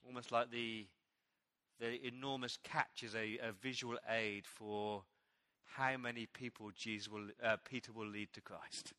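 Bright-voiced preacher, dry close sound. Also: male voice, mid-range voice, measured pace, no room sound. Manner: animated storytelling, acting out quoted lines. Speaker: pastor. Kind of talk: sermon. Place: church.

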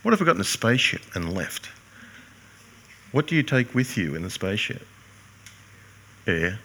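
A man's voice: lowish voice, very animated, moderate pace, pushed and bright, breathy edge. An older man preaching a sermon, earnest and emphatic, posing rhetorical questions to his congregation. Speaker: pastor.

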